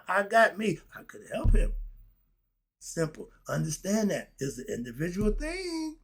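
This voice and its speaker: A middle-aged man teaching spiritual philosophy, preachy and excitable, firing rhetorical questions at his listeners. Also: high voice, gravelly, husky. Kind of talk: spoken lesson.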